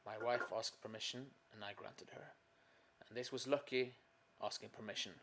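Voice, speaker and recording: A man playing in a tabletop game, speaking in character in a hushed way. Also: on the low side, fairly even intonation, normal speed, slight background noise. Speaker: player. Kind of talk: tabletop role-play chat.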